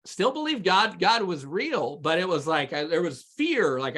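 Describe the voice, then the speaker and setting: A man's voice: sits high, big pitch swings, normal speed, few pauses, fairly bright tone. A man who is a podcast guest, telling his personal faith testimony in a candid, rambling way with many fillers and restarts. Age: adult with sons.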